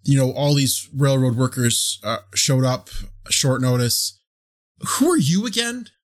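A man's voice: medium pitch, very animated, unhurried. A man voicing a flustered middle-aged mayor with a Midwestern accent who stammers and gets exasperated.

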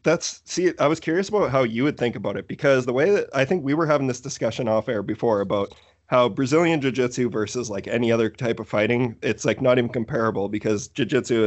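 A man's voice: medium pitch, brisk. A man hosting a casual podcast chat, joking, laughing easily and swearing. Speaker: podcast host.

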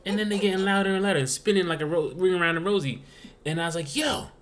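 A man co-hosting a casual podcast, telling a lively family story in a joking, animated way. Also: sits high, very fast, a little hiss or hum. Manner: animated, jokey, acts out voices in stories. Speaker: podcast co-host.

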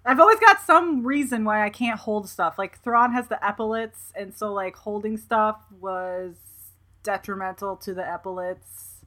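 A woman's voice: medium pitch, moderate pace, bright, forceful tone. A woman chatting casually, blunt and playful, swearing freely. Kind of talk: casual chat.

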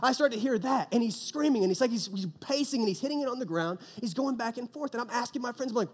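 Young man, youth pastor, high-pitched, lively comic storytelling sermon. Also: fast talker, hardly any pauses, slightly rough. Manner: animated, comic storytelling with acted-out quotes.

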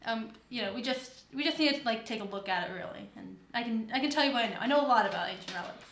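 A woman's voice: fairly high pitch, expressive, fast talker, fairly bright tone. A woman player in a tabletop game, bluffing her way through a scene in a playful, evasive way. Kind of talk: tabletop role-play, in character. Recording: roomy echo, faint noise.

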